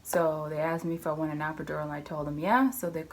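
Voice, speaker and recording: Chatty woman with a low voice, telling a story. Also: level tone, quick pace. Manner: chatty, acts out the voices of people in her story; English not fully fluent, loose grammar. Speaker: vlogger. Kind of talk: casual storytelling.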